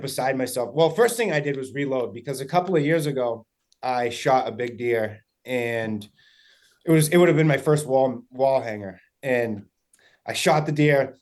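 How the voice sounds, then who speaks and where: Excitable young New England man. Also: fairly high pitch. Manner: excited rambling with many fillers and swearing. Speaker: guest hunter. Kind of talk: casual storytelling.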